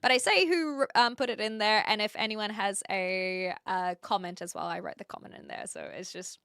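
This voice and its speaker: A woman's voice: mid-range voice, normal speed, a bit bright, smooth, no echo. A young woman streaming live, chatting casually with her viewers in a scattered way, full of fillers and restarts. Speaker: livestream host. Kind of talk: casual livestream chat with viewers.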